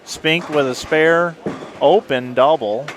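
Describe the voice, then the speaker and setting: A man's voice: fairly high pitch, slow, slight background noise. A man giving live play-by-play bowling commentary, chatty, correcting himself and making friendly asides to viewers. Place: bowling center.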